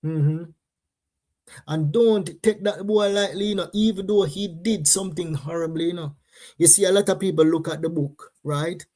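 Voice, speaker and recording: A woman with a Jamaican accent giving animated, emphatic news commentary, slipping between patois and standard English. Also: fairly low pitch, normal speed.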